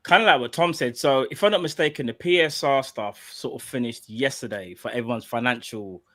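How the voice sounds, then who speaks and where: A man's voice: medium pitch, brisk, fairly bright tone, dry recording, studio quality. A man chatting on a podcast panel, rambling on with fillers like "like" and "innit". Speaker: podcast co-host. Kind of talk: casual podcast chat.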